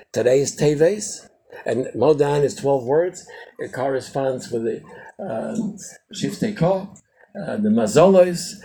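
Older man, Chassidic teacher, husky raised voice, lively stories, loud bursts and low asides. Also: low-quality recording. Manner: animated storyteller, quick shifts from loud exclamations to low asides. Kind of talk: informal Torah talk to a small group.

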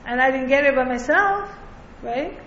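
A woman's voice: sits high, animated, moderate pace, fairly bright tone, slight background noise. A woman teaching a religious class in a conversational way, often checking in with "right?" and chuckling between points, with listeners in the room. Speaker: Torah teacher. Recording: echoey lo-fi room recording.

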